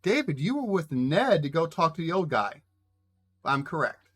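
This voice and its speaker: A man's voice: fairly high pitch, sing-song, normal speed, fairly bright tone, slightly rough. A man running a tabletop game as game master, narrating casually with frequent fillers.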